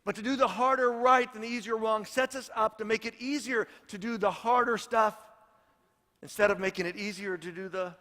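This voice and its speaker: A man's voice: high-pitched, steady tone, fairly quick, bright, forceful tone, in a large hall. A man, a pastor, preaching a sermon in a storytelling way and repeating his points for emphasis.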